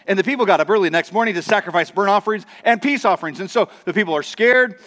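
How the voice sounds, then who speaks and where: A man's voice: sits high, rapid-fire, few pauses, fairly bright tone. A man preaching a sermon as pastor, conversational with acted asides. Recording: long reverb of a large hall.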